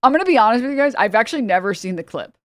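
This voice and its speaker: A woman's voice: fairly high pitch, animated, racing, dry recording, clean studio sound. A young woman streaming, talking casually and rambling with exasperated, sarcastic asides to her chat.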